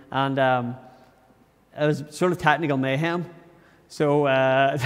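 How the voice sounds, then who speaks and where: A man with a Northern Irish accent preaching a conversational sermon in a church, earnest, often restarting his words. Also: fairly high pitch. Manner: earnest, restarts words, acts out inner grumbles. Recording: long church reverb.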